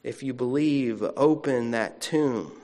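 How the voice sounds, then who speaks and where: A male pastor preaches at an unhurried pace, telling the story in a chatty way and turning to the congregation with asides. His voice sits in the middle range. A long reverb from a large church hall trails after each sentence. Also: mid-range voice, dark tone. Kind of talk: sermon.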